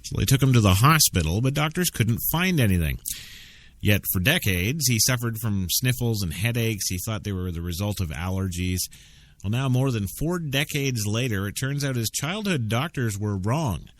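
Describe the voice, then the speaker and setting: A man's voice: mid-range voice, no echo. A male radio host reading quirky news stories in a mock-pompous, joking way. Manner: mock-pompous, laughing between items. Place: radio studio.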